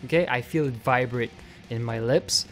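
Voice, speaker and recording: Brief: young man, casual tutorial talk, mid pitch, faint music behind. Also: normal speed. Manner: explains with many fillers and "okay?" check-ins. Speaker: vocal tutorial creator.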